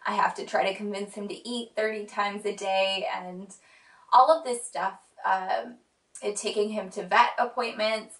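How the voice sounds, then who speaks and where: A woman's voice: mid-range voice, fairly bright tone. A young woman vlogger talking casually and earnestly, with frequent fillers. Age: young adult. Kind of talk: casual chat. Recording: roomy sound from a distant mic.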